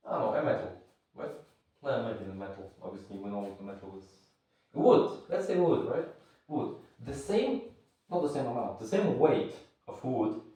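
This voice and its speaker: In this casual spoken lesson on martial arts, the instructor rambles offhandedly and pauses to hunt for words. His voice is mid-range and a little mellow. Recorded from a distance, it echoes heavily through the room.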